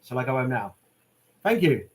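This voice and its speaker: A man's voice: medium pitch, very animated, normal speed. A British man hosting a live question-and-answer stream, reading viewer comments aloud and chatting casually. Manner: chatty, reads out viewer comments, lots of "um" and "mate". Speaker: channel host answering live chat.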